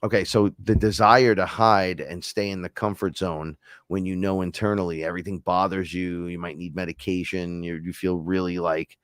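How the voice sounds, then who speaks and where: A man's voice: low-pitched, flat delivery, normal speed, clear, resonant tone, no room sound, studio quality. A man hosting a casual spiritual talk, telling stories in a rambling, profane way. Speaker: host.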